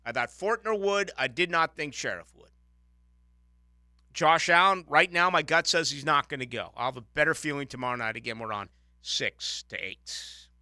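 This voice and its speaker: Bright-toned sports radio host man. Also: fairly high pitch, no room sound, studio quality. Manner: opinionated, animated, halting restarts. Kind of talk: sports talk radio commentary.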